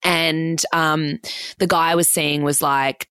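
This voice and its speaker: Her voice is low, level, sharp and smooth, with no room sound: a twenty-something Australian woman telling a long, casual story. It's a fast run-on anecdote full of "like," and she swears freely throughout.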